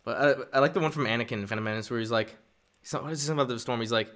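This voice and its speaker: On a live stream, a young man talks in a casual, animated way at a racing pace and medium pitch. Laughter comes often, and he keeps stumbling and restarting what he's saying.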